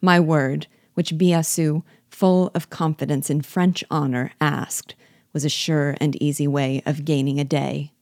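Brief: woman audiobook reader, low register, steady literary narration, dead-dry sound. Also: a little slow, dry recording. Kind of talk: measured literary reading.

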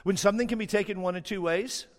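A man's voice: high-pitched, fast talker. Humorous middle-aged male pastor in a reverberant church. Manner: humorous, animated storytelling, teasing the congregation. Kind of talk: sermon. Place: church sanctuary.

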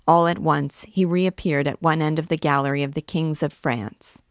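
A woman reads a classic novel aloud in a low, gravelly voice. She takes it slowly and deliberately, with the dry closeness of a mic set up near her. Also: steady tone, no room sound. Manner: measured, deliberate reading. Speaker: book reader and guide. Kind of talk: literary read-aloud narration.

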